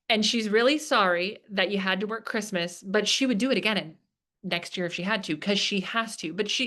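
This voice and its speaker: A woman delivers a casual business workshop lecture in a presentation room, chatty and filler-heavy, dramatizing quoted lines while she explains. She speaks in a mid-range voice that's bright and forceful.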